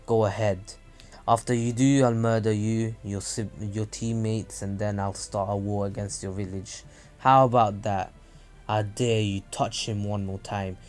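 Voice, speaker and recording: Man doing a young ninja who threatens low and quiet, fan retelling, casual read. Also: fairly even intonation, unhurried, faint music behind, natural voice. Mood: threatening.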